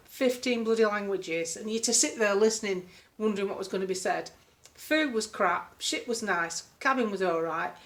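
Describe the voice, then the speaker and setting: An older woman telling a story in a blunt, chatty way, now and then putting on voices. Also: mid-range voice. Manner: blunt, chatty, swears lightly, acts out voices. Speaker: political commentary vlogger. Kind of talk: casual storytelling monologue.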